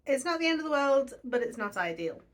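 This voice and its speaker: A woman's voice: high-pitched, sing-song, a little fast. A woman in her thirties chatting casually to camera about budgeting, self-deprecating and laughing often. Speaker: budgeting vlogger.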